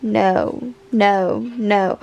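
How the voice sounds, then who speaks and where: Gasping young woman with a gravelly edge. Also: medium pitch, wildly swooping pitch, drawn-out words, poor audio. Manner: gasping, exclaiming, gushing. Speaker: reaction vlogger. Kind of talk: emotional TV reaction commentary.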